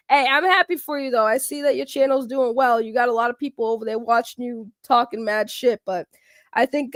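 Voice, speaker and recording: Woman, high voice, livestream host, casual rant, animated, dry mic. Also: no room sound. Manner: animated, talks back to chat, swears and laughs.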